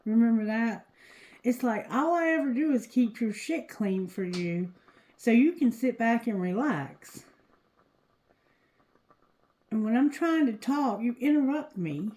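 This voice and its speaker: A woman giving a casual tarot reading to her viewers, talking loosely and cursing, going quieter when she asks the cards. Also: fairly high pitch, expressive, unhurried, long pauses, rough recording. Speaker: tarot reader.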